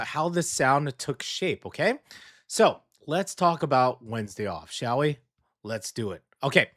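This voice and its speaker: A man hosts a local radio show in a loose, chatty way, tripping over words and laughing as he goes. His voice sits at an ordinary middle pitch. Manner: chatty, upbeat, frequent fillers and laughs. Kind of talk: casual radio chat. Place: radio studio.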